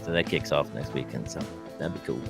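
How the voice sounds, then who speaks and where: A man's voice: very deep voice, fairly quick, vocal fry, music in the background. A man co-hosting a podcast, reading out event news in a casual, hesitant way with many ums and uhs. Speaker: podcast co-host. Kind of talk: casual chat.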